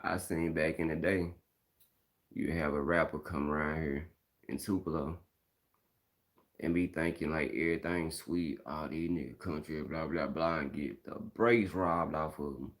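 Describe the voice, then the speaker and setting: Deep mississippi guy ranting on a live stream, blunt, slangy, says stuff twice. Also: steady tone, moderate pace. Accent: Mississippi Southern. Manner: blunt and opinionated, slangy, repeats points. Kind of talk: casual live-stream talk.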